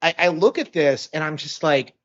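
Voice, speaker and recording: Male commentator, higher voice, hesitant rambling, dull lo-fi sound. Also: lively intonation, normal speed. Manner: rambling, hesitant, many fillers and restarts. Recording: muffled lo-fi audio.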